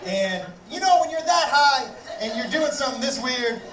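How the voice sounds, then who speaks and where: High-pitched guy doing stand-up, exasperated storytelling, echoey club far from the mic. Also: expressive, moderate pace, slight background noise. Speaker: stand-up comedian. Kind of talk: stand-up comedy. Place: comedy club stage. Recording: echoey room from far off, loud crowd.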